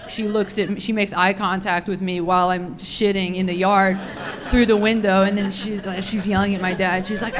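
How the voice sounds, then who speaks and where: A young woman doing a stand-up comedy set, crude and unfiltered, rambling with lots of "dude" and "like", her voice a little raspy. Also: mid-range voice. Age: young adult.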